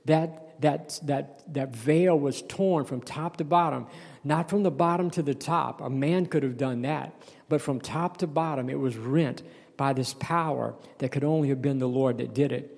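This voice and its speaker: A man delivers a sermon in a gravelly, warm voice. He reads a passage, then breaks it down with restarts and an occasional "Amen?" His voice carries a long reverb tail from the hall. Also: medium pitch, normal speed. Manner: reads scripture aloud then explains it, with restarts and calls of "Amen?". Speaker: pastor.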